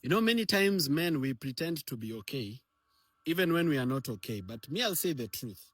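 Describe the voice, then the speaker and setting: A man's voice: on the high side, sing-song, brisk, husky, no echo. A man speaking earnestly and directly about his own experience.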